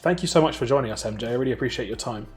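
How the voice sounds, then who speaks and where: A man's voice: medium pitch, darkish tone, faint music behind. A man hosting a show, thanking a guest politely and throwing to the next segment. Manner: brisk, polite presenter. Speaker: host. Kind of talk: scripted show link.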